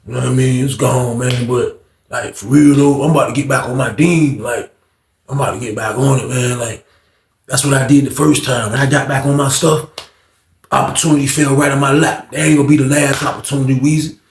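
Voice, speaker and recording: A man telling a story in a casual, animated, slangy way, often calling out to his listeners. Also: medium pitch, fairly quick, vocal fry, a little hiss or hum. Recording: roomy echo.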